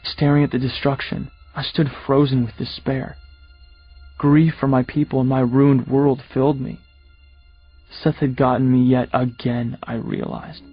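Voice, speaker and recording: Husky male audiobook narrator. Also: medium pitch, little pitch movement, measured pace, lo-fi sound, soft background music. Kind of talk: first-person audiobook narration.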